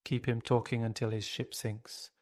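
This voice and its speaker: Storybook owl, quiet and urgent, barely above a whisper, read by a male narrator. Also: medium pitch, little pitch movement, normal speed, no room sound, studio quality, lightly acted. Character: wise cautious owl.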